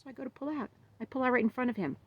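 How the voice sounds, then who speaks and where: A woman's voice: a little high, rapid-fire, breathy edge, dry recording, highs cut off. A woman vlogger telling a story in a casual, upset, rambling way, venting about what happened to her dog.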